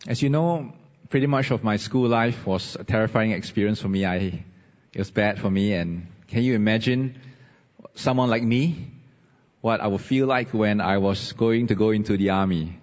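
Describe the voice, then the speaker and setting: A man preaching a sermon and telling a personal story, animated with rising emphasis. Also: on the low side, normal speed. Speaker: pastor. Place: church hall. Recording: husky voice, dull sound, long reverb.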